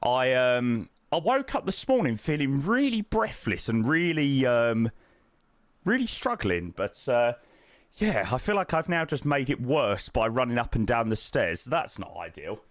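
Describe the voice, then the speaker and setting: A young man chats on a live stream from home, self-deprecating and friendly as he thanks viewers. His pitch moves around a lot in a lively way, and his voice is close and dry. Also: a little slow, dry recording. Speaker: flight simulator streamer. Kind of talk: casual live-stream chat.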